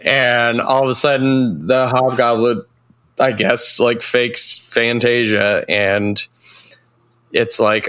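A man's voice: mid-range voice, steady tone, slow, a bit bright, clean tone. A man co-hosting a podcast, casually retelling a film's plot in a laid-back, profane way and briefly acting out the characters. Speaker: podcast co-host. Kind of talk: casual film recap chat.

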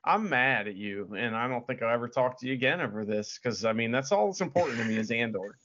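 A man with a bright, sharp tone and a lively, swooping pitch banters on a podcast. He teases with sarcastic, mock-angry jabs. The audio is slightly dull and lo-fi. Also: fast, a little hiss or hum. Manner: playful mock outrage, sarcastic teasing. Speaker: podcast co-host. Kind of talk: casual chat.

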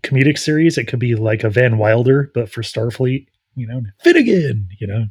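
A man co-hosting a podcast in casual chat, relaxed, adding trivia and quick jokes. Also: mid-range voice, slightly rough, dry recording, clean studio sound. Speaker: podcast co-host.

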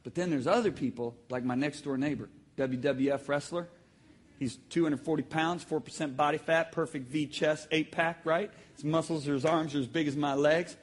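A man preaching a sermon to a congregation, telling stories with sudden shouts and emphatic, drawn-out phrases. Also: on the high side, fairly even intonation. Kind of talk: sermon with audience call-and-response. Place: church hall with live congregation.

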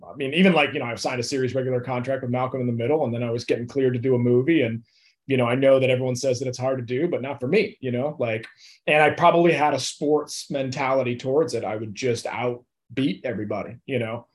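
A man's voice: medium pitch, fairly even intonation, quick pace. Man, young adult, actor guest, casual interview, laid-back, filler-heavy.

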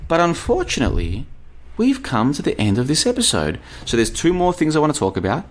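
A man's voice: on the high side, huge pitch swings, brisk. A man with an Australian accent hosting a casual live stream, reading out chat messages and answering them in a rambling, emphatic way that repeats itself. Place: apartment in Bulgaria.

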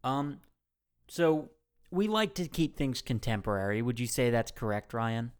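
A man's voice: medium pitch, unhurried, clean tone. A man hosting a podcast in casual banter, brash and joking, swearing freely. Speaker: podcast host.

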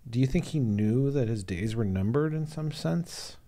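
A man's voice: mid-range voice, animated, normal speed, warm tone. A man interviewing a guest in a supportive, conversational way, often answering with short affirmations.

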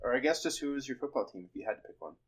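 A man's voice: mid-range voice, expressive, rough recording. A young man co-hosting a casual podcast, teasing his friends. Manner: teasing, quick-witted. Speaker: podcast co-host. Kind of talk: casual chat.

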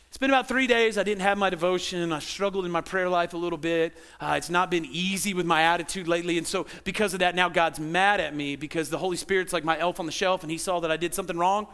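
High-voiced, animated preaching man. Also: fast, few pauses, smooth. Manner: animated preaching, stammers and repeats words, asks the congregation questions. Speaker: pastor. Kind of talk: sermon.

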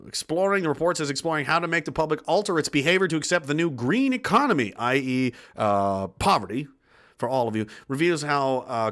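A male host on a livestream, ranting sarcastically with halting restarts. His voice sits a little high and moves in lively swings, with a bright, forceful edge. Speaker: show host reading chat.

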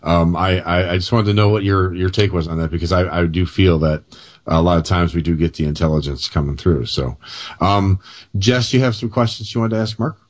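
A man's voice: deep voice, brisk. A man hosting an interview, asking enthusiastic, stumbling questions. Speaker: podcast host.

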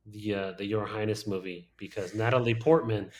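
A man's voice: on the low side, steady tone, normal speed. A man co-hosting a casual movie podcast, rambling with lots of fillers and laughing as he talks. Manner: rambling, full of "like" and "um", laughs often. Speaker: podcast co-host. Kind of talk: casual chat reviewing movies.

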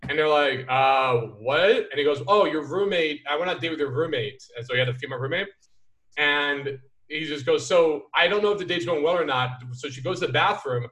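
Brief: man, a bit high, lively raconteur, roomy sound, set back from the mic. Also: fast talker, far from the mic. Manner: animated, acts out quoted voices. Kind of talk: casual storytelling chat.

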